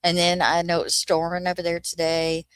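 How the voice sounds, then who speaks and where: A woman's voice: on the low side, completely flat delivery, a little fast, clean tone, no echo. A woman chatting casually to viewers on a livestream, ranting and swearing freely, sometimes dropping to a whisper. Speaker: livestream host.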